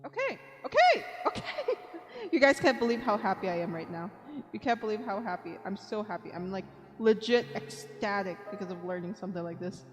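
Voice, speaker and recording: Young woman streamer, chatty, giggly, mid pitch, long reverb, faint music behind. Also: a little fast. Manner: bubbly and chatty, counts aloud, giggles often. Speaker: art streamer. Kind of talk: casual live-stream chat.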